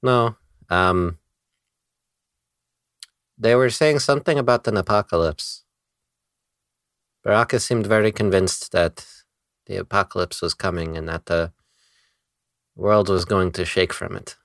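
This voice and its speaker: A man playing in a tabletop game, laid-back and measured as he speaks for his character. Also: deep voice, no echo, studio quality. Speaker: player. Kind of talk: tabletop role-play.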